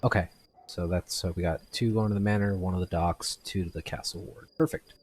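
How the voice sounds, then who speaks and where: A man with a very low voice runs a tabletop game, describing scenes in a halting way with many restarts. His delivery is loose and unscripted, and faint noise sits behind it. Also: fairly even intonation. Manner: halting, full of fillers and restarts. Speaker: game master.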